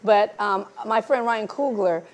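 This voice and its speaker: A woman from South Los Angeles, a guest filmmaker answering questions in a live conversation, animated and laughing often as she acts out conversations. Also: medium pitch, measured pace. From South Los Angeles, USA.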